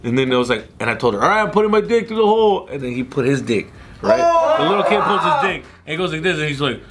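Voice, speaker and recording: A man swaps stories in a laid-back podcast chat, his fairly high voice swinging wildly up and down. He swears freely and acts out the other people in his story with sudden leaps into shrill voices. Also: quick pace. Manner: animated and profane, acts out other people's voices with big jumps in pitch. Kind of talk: casual comedic storytelling.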